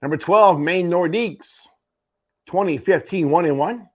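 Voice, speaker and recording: A man's voice that sits high, a little mellow and a little slow, belongs to the host of a morning sports show. He goes over the junior hockey standings in a sports radio rundown, adding wry, offhand asides.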